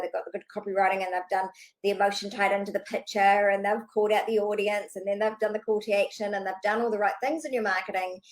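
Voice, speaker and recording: A woman business coach speaking unscripted straight to camera, talking fast and animated, casual and swearing freely. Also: mid-range voice, low-quality recording.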